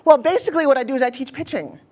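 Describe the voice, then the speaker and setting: A middle-aged American woman giving a live motivational seminar on pitching to an audience, blunt and punchy in delivery. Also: very fast, darkish tone. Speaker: motivational speaker teaching pitching.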